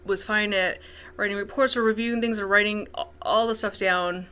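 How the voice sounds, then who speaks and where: A woman vlogging about her life, speaking haltingly with many fillers and restarts. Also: mid-range voice, steady tone, fairly bright tone, clean tone. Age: middle-aged. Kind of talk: casual personal vlog.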